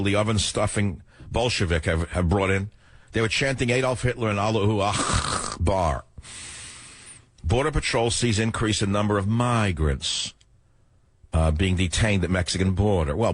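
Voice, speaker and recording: A man's voice: low voice, breathy edge, no echo. Sarcastic older man ranting on radio. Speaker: radio talk show host. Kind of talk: opinionated radio monologue.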